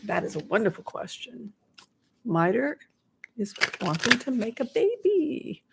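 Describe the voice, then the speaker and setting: A woman's voice: fairly high pitch, big pitch swings, unhurried, creaky, background noise. A woman giving live tarot readings to her viewers, chatty and bubbly, with playful asides. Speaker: tarot reader.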